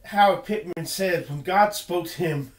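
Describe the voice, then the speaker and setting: Emphatic and earnest, this man talks through a personal monologue for his video blog, full of repeated words and restarts. His voice is high, his pace measured, and the sound has a reverberant quality.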